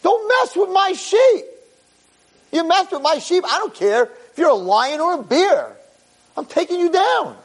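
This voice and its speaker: A man's voice: very high-pitched, very animated, measured pace, pitched above the performer's own voice, heavily acted. A man acting as an indignant young shepherd hero. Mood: fierce. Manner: outraged, demanding.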